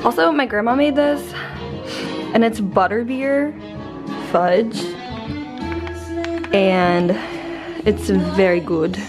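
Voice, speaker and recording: A young woman vlogging casually, gushing and excitable, often saying "literally". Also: mid-range voice, takes it slowly, long pauses, over music. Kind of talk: casual vlog chat. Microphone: compact camera.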